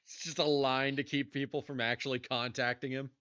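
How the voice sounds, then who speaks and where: A man's voice: medium pitch, level tone, a little fast, bright, forceful tone, no echo, highs cut off. A man streaming a game with a friend, chatting playfully and reading game lines aloud in a joking way. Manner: playful, laughing, reads game dialogue aloud. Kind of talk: casual co-op stream chat with voiced game lines. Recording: faint game music behind.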